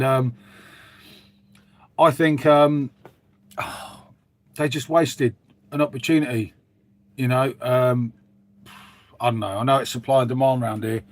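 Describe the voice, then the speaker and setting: A man hosting a casual live stream, chatting to viewers in a rambling, matey way with the odd swear word. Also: mid-range voice. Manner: chatty, rambling, says "mate" constantly, mild swearing.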